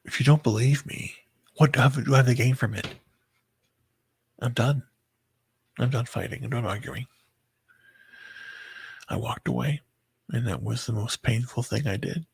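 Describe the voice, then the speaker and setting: Man, husky and gravelly, halting storyteller full of "you know"s, dry close sound. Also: medium pitch, darkish tone, no echo. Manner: halting and rambling, heavy filler words, bitter. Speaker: person recounting a breakup. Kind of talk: emotional personal storytelling.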